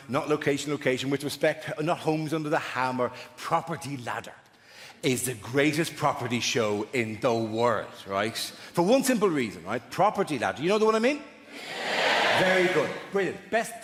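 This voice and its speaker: A man doing live stand-up comedy, chatting with and teasing the crowd, often acting out voices. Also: sits high. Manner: chatty, mocking, acts out voices. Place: large theatre stage. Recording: live theatre reverb, crowd noise. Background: audience laughter.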